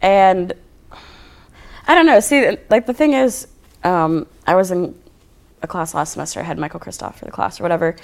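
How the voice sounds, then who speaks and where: A man's voice: high-pitched, normal speed, creaky, pauses often. A young man, a guest artist, chatting casually on a podcast, laid-back and rambling with lots of fillers. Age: young adult. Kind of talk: casual chat.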